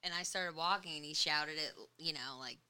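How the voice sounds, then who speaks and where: Low, bright-voiced woman telling stories. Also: moderate pace, smooth. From New York. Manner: animated storyteller, laughs often. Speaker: podcast host. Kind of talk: casual chat.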